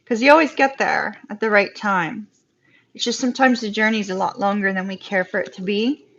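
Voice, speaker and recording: A woman with a Southern US accent giving a live tarot reading, chatty and reassuring and quick to laugh. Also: medium pitch, gravelly, a bit bright. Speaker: tarot reader. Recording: dull lo-fi live-stream audio.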